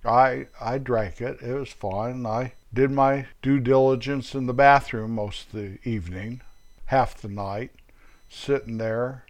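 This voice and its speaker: A man's voice: mid-range voice, fairly even intonation, unhurried. An older man telling a rambling, joking monologue in a folksy way. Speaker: vlogger.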